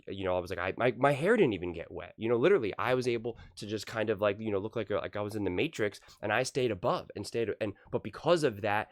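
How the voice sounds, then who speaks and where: A man hosting a sports talk show, reacting to clips in a heated, animated rant that keeps repeating itself and climbs high when he gets indignant. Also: no echo, studio quality. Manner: heated, talks fast, repeats himself, rises to shouting pitch when indignant.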